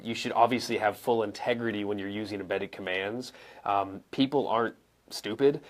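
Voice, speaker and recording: A young adult man coaching live viewers in a casual, conversational way, acting out examples with pauses and emphasis. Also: fairly low pitch. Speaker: coach and speaker answering viewer questions. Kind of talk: live-streamed teaching. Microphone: camera mic, moves around and sits back down.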